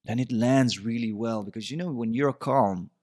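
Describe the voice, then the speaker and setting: Brief: male podcaster, casual reflective advice, mid pitch, dry sound. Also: moderate pace, a little mellow, no echo. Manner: reflective, repeats himself, casual. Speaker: podcast host. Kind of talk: relationship advice monologue.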